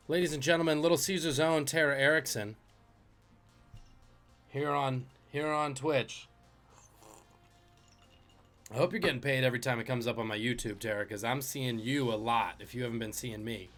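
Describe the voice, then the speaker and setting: A man's voice: mid-range voice, animated, moderate pace, long pauses, a bit bright, faint music behind. A man hosting a live-streamed trivia game, joking and chatting with viewers between questions.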